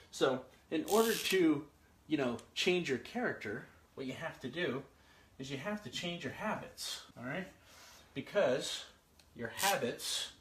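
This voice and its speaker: Bright-voiced, upbeat male motivational speaker. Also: a little high. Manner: energetic, repeats himself, asks the listener questions; works through an outline, writing as he talks. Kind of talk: casual motivational talk.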